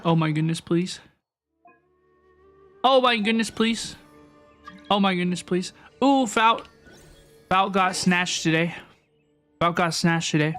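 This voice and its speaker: Young man, high voice, playful streamer chatter, repeats phrases, faint game music behind. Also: fairly bright tone. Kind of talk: casual live-stream chat while gaming.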